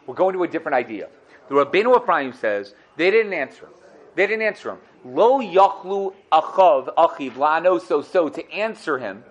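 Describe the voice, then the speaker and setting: Animated high-voiced man teaching Torah. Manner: animated, dramatizes quotes with a rising voice. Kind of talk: classroom lesson on the weekly portion.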